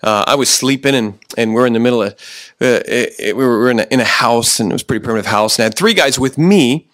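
A pastor preaching a sermon, often slowing down for emphasis and restarting his sentences. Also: mid-range voice, a bit bright, dry recording. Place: church.

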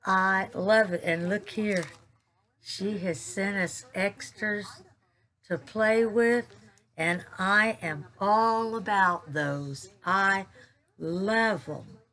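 A woman talks slowly through a casual crafting unboxing. She gushes and repeats her praise in a drawn-out, easy way. Her voice sits at a middle pitch. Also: pushed and bright. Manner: gushing, drawn-out, repeats herself. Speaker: crafting YouTuber.

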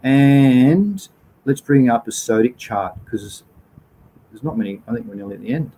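A man's voice: mid-range voice, moderate pace, dark tone, a little hiss or hum, low-quality recording. A man with an Australian accent hosting a casual livestream, reading out viewer comments and answering questions in an informal, chatty way. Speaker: livestream host.

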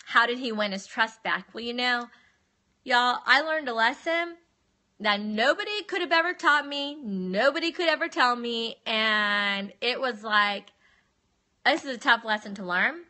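A woman's voice: fairly high pitch, bright, forceful tone. A woman, telling her life story casually on a phone livestream and addressing viewers as y'all.

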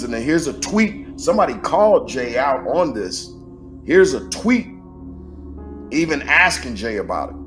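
A man hosting a podcast, giving animated conspiracy commentary in a colloquial, emphatic way and answering his own questions with exclamations. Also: mid-range voice. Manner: colloquial, emphatic, talks back to himself with exclamations. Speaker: podcast host.

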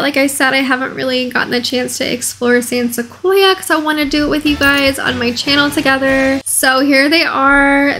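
A woman's voice: high-pitched, pushed and bright, a little hiss or hum, rough recording. A woman hosting a casual let's play video, commentating in a bubbly, gushing way.

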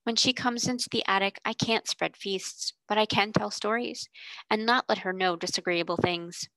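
Female narrator, steady read-aloud storytelling, some vocal fry. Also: mid-range voice, moderate pace, no room sound, rough recording. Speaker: tutor reading aloud.

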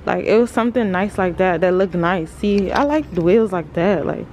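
A young woman vlogging to a phone camera in a casual, animated way, talking straight to her viewers. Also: lowish voice, normal speed, a little hiss or hum. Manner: chatty, animated, lots of "like" and "y'all". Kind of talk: casual vlog chat to camera. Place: car then indoor car showroom.

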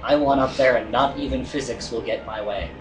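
With a brisk, mid-range voice, this man hosts a let's play, chatting loosely, rambling, and hesitating with lots of fillers. The room is echoey, and game music plays underneath.

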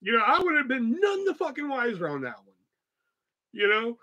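A man's voice: extremely high pitch, huge pitch swings, normal speed, sharp tone, lo-fi sound. A young man hosting a podcast, telling a story in a loose, profane, rambling way full of fillers. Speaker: podcast host. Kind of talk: casual storytelling.

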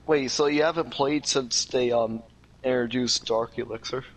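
A young man, slightly hoarse, rambling casually with lots of fillers while playing a game. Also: mid-range voice, steady tone, normal speed, low-quality recording. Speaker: gamer. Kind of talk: casual chat over gameplay. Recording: game gunfire and engine noise behind.

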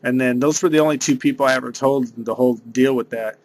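A man's voice: medium pitch, fairly even intonation, quick pace, no room sound. A man, rambling through a casual vlog monologue and saying "dude" a lot. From San Diego area. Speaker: vlogger.

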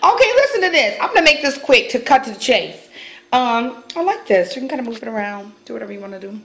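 Brash high-voiced woman ranting. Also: fast. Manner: brash, loud, animated storytelling. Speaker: vlogger. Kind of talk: profane comic rant to camera. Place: at home, indoors. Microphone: phone camera on tripod.

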